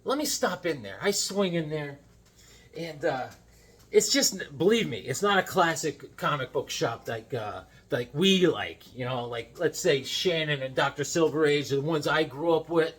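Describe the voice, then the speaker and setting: Husky rambling man telling stories. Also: fairly high pitch, a little slow. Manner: rambling, animated storytelling with fillers and restarts. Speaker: comic book vlogger. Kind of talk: casual chat.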